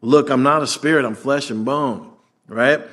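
Man, pastor, sermon, animated, conversational, acts out scripture voices. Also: mid-range voice, normal speed.

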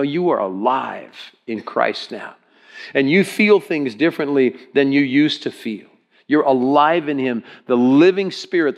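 A pastor preaching a sermon to his congregation, emphatic, repeating words and asking them questions. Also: medium pitch. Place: church hall with congregation.

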